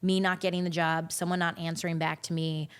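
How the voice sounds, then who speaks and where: A woman's voice: fairly low pitch, level tone, clean tone. A woman guest on a podcast, chatting candidly in a goofy, off-the-cuff way. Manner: goofy, candid, talks in quick bursts. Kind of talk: casual chat.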